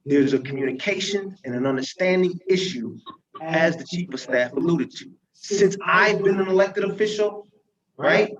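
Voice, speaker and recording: Impassioned mayor in an echoey chamber. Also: male voice, on the high side, normal speed, distant mic, highs cut off. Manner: impassioned, repeats "right?", rises to shouting. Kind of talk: speech at a council meeting.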